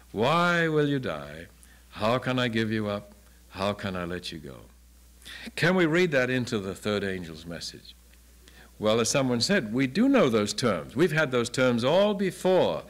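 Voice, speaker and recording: A man's voice: medium pitch, fairly bright tone. An older man giving an earnest Bible lecture, asking many rhetorical questions. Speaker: Bible teacher.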